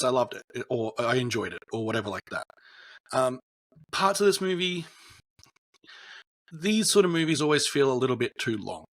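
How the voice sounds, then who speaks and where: A man's voice: mid-range voice, fairly bright tone. Chatty young man telling film trivia. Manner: rambling, storytelling, many fillers. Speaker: podcast co-host. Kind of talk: casual film chat.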